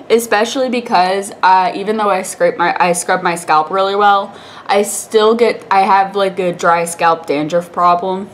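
A woman's voice: mid-range voice, fairly even intonation, normal speed, a little hiss or hum. Chatty congested young woman vlogging. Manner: rambling, chatty, laughs often. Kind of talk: casual storytelling to camera.

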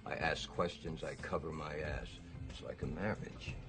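An actor playing a crude, boastful gangster boxing promoter who drawls slowly and laughs between lines. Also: male voice, a bass voice. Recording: film soundtrack with music behind.

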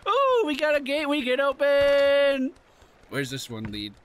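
A man's voice: extremely high pitch, very animated, a little slow. A man doing playful let's-play commentary, chatting with game characters and laughing along. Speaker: gaming YouTuber. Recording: faint background game music.

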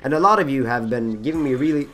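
Young male gaming host, husky and rambling, self-mocking, with faint background music. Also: medium pitch, expressive, quick pace. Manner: rambling, self-mocking, many fillers and restarts. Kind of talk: rambling gameplay commentary.

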